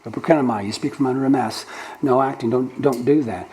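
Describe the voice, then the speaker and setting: A man's voice: medium pitch, quick pace, darkish tone, slight background noise, poor audio. A male pastor preaching a teaching sermon, explaining the original words of the text, with frequent restarts. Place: church sanctuary.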